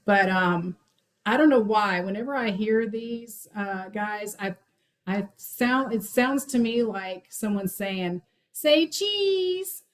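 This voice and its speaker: A woman's voice: mid-range voice, slow, low-quality recording. A woman giving a chatty, enthusiastic talk on frog calls as a wildlife outreach coordinator, with many fillers.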